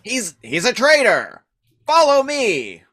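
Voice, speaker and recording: A man voicing a screeching, treacherous male robot lieutenant who gloats and shouts as he seizes command. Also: very high-pitched, wildly swooping pitch, slow pace, pitched above the performer's own voice, heavily acted. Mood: rallying.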